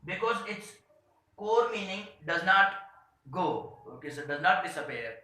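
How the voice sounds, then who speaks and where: High bright-voiced male teacher, echoey room. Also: big pitch swings. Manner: halting, many "uh" and "you can say" fillers. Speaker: English teacher. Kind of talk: classroom grammar lesson.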